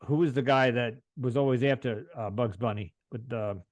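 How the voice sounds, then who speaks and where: A man with a Long Island accent hosting a podcast interview, talking haltingly with fillers and throat clearing. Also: mid-range voice, dry recording. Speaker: podcast host.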